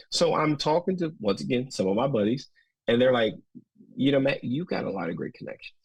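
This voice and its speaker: A man in his thirties with a Southern US accent, a podcast guest telling folksy, animated stories in casual interview talk. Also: medium pitch, brisk, breathy edge, no echo, muffled recording. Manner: folksy, animated, quotes others in lively voices. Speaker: podcast guest, school administrator.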